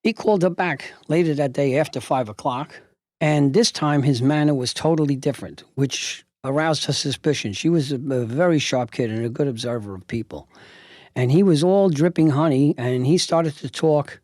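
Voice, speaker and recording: A man's voice: fairly high pitch, normal speed, darkish tone, no echo, studio quality. Older man telling a legal story. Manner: rambling, frequent fillers and restarts. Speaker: retired judge telling a past case. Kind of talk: storytelling monologue.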